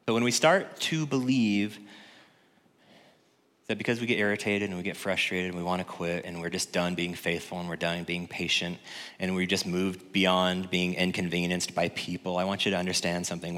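A man preaching as a pastor, conversational and joking, swinging from loud to hushed. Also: low voice, fairly even intonation, fairly quick. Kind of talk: sermon. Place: church sanctuary. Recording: long reverb in a church hall.

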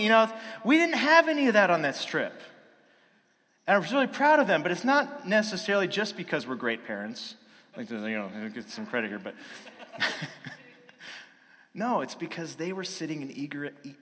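A man's voice: medium pitch, a bit bright. A man in his thirties preaching a sermon built around a family story, now and then acting out his children's voices. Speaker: pastor. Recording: long hall reverb.

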